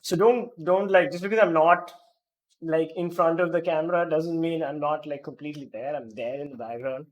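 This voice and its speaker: A man's voice: fairly high pitch, normal speed. A man with an Indian accent hosting a gaming podcast, chatting and joking casually and reading out the live chat. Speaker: podcast host.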